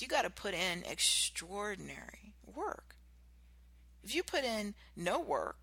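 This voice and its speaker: A podcast host giving an animated motivational talk, acting out contrasting example voices. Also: medium pitch, gravelly, no echo.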